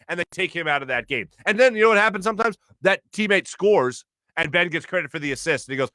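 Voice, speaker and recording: A man hosting a sports talk show, hoarse from losing his voice, giving an emphatic opinion monologue and clearing his throat now and then. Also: fairly high pitch, lively intonation, fast talker, pushed and bright, no echo. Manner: emphatic, repeats phrases for stress, clears throat often.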